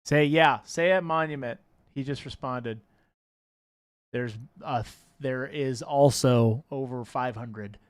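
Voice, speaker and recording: Unhurried man calling out giveaway winners. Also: medium pitch, clean tone, dry recording. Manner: calls out names loudly, joking. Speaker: livestream giveaway host. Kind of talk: casual livestream chat.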